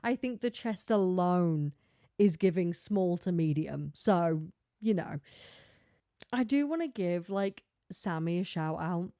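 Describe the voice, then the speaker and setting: A lower-pitched woman talks through her solo podcast in a loose, rambling way, stacking filler words and breaking into laughs. Her voice is close and dry, with almost no room sound. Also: lively intonation, takes it slowly, warm tone, no echo. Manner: chatty, rambling, peppered with "like" and laughs. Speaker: podcast host. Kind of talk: casual solo podcast chat.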